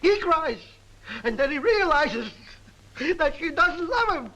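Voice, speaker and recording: An actor playing a brash, excitable male song publisher who talks in fast, slangy, theatrical sales patter, in a 1950s film comedy. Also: very high-pitched, heavily acted, poor audio. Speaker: music publisher.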